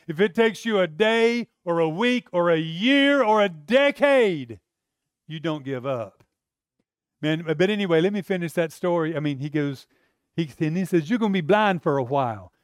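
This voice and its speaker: A man preaching a sermon to a congregation, telling Bible stories with animated delivery and acting out quoted voices. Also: sits high, clear, resonant tone, no room sound, clean studio sound.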